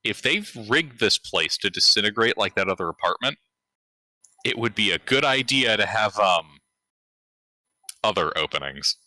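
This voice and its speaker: Deep, very bright-voiced man. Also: lively intonation, moderate pace, pauses often, dry recording, poor audio. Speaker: player. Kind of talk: tabletop game play on a live stream.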